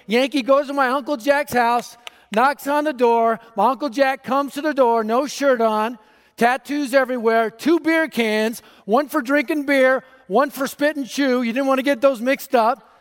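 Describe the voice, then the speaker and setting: A man from North Denver giving an energetic, humorous gospel talk on a conference stage, speaking into a stage microphone. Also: very high voice, smooth. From North Denver, USA. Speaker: evangelist speaker. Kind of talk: gospel message speech. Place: large conference hall stage. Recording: reverberant hall.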